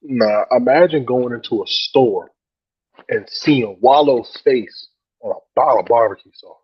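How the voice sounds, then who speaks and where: A man's voice: medium pitch, measured pace, slightly rough, no echo, dull audio. A man co-hosting a podcast, dropping dry jokes into casual banter. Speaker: podcast co-host.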